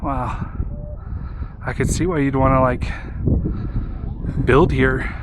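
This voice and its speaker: A man on a hilltop, winded from climbing, chatting to his camera and thinking out loud in a mid-pitched voice. Wind and passing traffic sit clearly behind him. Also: fairly even intonation, slow. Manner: breathless, chatty, wondering aloud. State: out of breath at altitude. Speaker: travel vlogger. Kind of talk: casual vlog narration. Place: outdoors at hilltop ruins. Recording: outdoor noise behind the voice.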